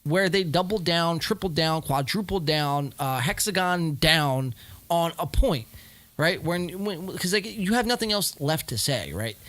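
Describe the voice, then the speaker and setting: A man's voice: fairly high pitch, animated, unhurried, a bit bright, dry recording. A man hosting a podcast, casually breaking down video clips and calling out lies with lots of ums and rights. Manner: skeptical, calls out lies with filler-heavy talk. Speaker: podcast host reviewing clips. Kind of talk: casual commentary.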